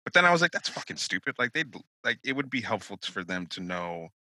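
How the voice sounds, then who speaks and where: A man's voice: fairly low pitch, very animated, fast, sharp tone, no echo, poor audio. A young man hosting a podcast, casual and frank, cursing freely. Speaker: podcast host.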